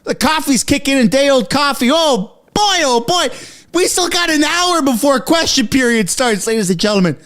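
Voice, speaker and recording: A man reacting live to breaking news from his basement, excitable and out of breath, yelling one moment and muttering the next. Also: very high voice, normal speed. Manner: excitable, shouting, swinging from frantic to muttering. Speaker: political commentary streamer. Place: home basement.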